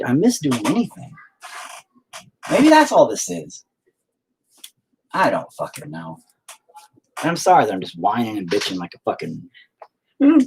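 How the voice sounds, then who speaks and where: A middle-aged musician talks frankly to his stream chat in a medium-pitched, creaky, darkish voice, with a little hiss or hum behind him. It's a casual, confessional livestream monologue, rambling and heavily profane.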